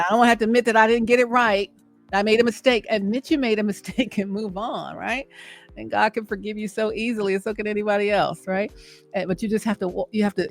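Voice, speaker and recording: Speaking straight to camera, this middle-aged host delivers an encouraging, preachy faith talk in a creaky, mid-range voice. She keeps circling back to her points and asking "right?"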